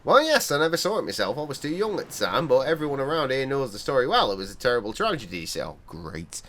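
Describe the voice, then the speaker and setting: A man voicing a weathered, superstitious old fisherman, reading game dialogue aloud in a gruff, folksy manner. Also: mid-range voice, sing-song, fast, fairly bright tone, a little hiss or hum, voice pushed up.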